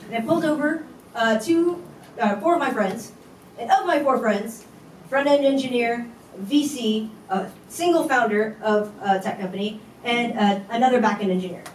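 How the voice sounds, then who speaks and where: Woman telling a story at a talk, kinda high voice, echoey hall, mic far off. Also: moderate pace, darkish tone, a little hiss or hum. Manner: candid, conversational with fillers. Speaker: conference speaker. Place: event hall at a tech company.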